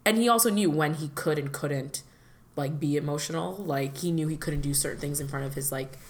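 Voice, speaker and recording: A woman with a low voice speaks in a loose, rambling way as a podcast co-host. She fills her sentences with "like" and "you know" and often slides into laughter. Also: a little fast. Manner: chatty, many fillers, laughs often. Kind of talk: casual conversation.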